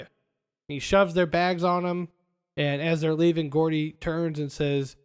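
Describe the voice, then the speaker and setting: A man hosting a podcast, casually recapping film scenes and acting out the quoted lines as he goes. His voice sits a little higher than most men's. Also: little pitch movement, measured pace, clear, resonant tone. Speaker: podcast host.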